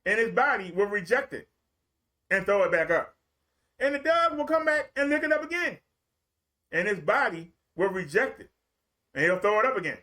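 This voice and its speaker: Guy preaching w a really high voice, chatty, repeats himself a lot, tells little stories. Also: sing-song, moderate pace, long pauses, bright, forceful tone. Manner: repetitive, colloquial, vivid storytelling. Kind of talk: streamed sermon.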